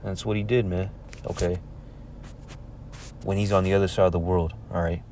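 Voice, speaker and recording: A man's voice: low voice, flat delivery, normal speed, warm tone, a little hiss or hum. A man preaching informally from scripture, talking conversationally and checking in with "all right?" and "man" between verses he reads aloud. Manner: reads verses aloud in old-fashioned wording.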